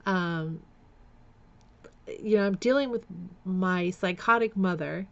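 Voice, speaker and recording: A woman's voice: on the low side, takes it slowly, pauses often, muffled recording. A woman vlogger candidly telling a painful family story, with nervous laughs and repeated words. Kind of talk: personal storytelling vlog.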